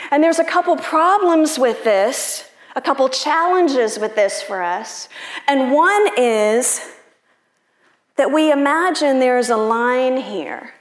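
Slow, unhurried woman pastor preaching. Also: sits high, echoey room. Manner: unhurried, conversational, personal. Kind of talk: sermon.

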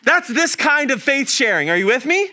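A man in his thirties preaching a sermon in a church, animated and self-deprecating, showing points with his hands. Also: extremely high pitch, normal speed. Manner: animated, self-deprecating, talks with hand demonstrations. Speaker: guest preacher. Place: church sanctuary.

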